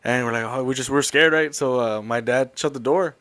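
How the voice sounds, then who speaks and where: A man telling a long family story in a casual, rambling, animated way. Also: mid-range voice, brisk.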